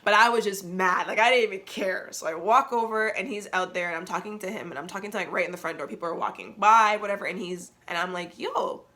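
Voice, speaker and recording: A young adult woman hosting a podcast, telling a personal story in a candid, slangy, animated way. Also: mid-range voice, fast talker, few pauses. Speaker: podcast host.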